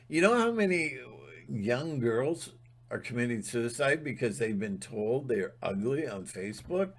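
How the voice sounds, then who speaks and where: A man's voice: mid-range voice, sing-song, a little slow, slightly rough. A man giving a rambling, emphatic spiritual monologue, sometimes breaking into mocking mimicry. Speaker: spiritual vlogger.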